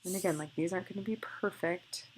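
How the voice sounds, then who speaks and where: A woman's voice: fairly low pitch, fast, slight background noise. A young woman photographer talking through her photo edits in a chatty, gushing way, thinking aloud as she clicks. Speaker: photographer demonstrating photo editing. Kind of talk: casual screen-recorded tutorial.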